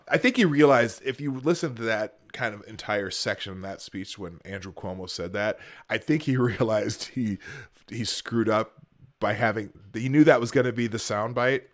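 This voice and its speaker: A man's voice: fairly low pitch, a bit bright. A man hosting a live stream, commenting sarcastically on a political speech and rambling with many restarts and fillers. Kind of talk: casual commentary.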